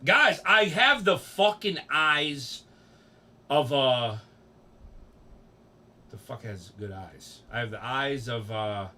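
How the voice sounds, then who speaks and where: A man's voice: mid-range voice, expressive, slow pace, pauses often, sharp tone, slight background noise. A young man, rambling and joking profanely as he chats with his livestream audience. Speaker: streamer. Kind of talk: casual livestream chat.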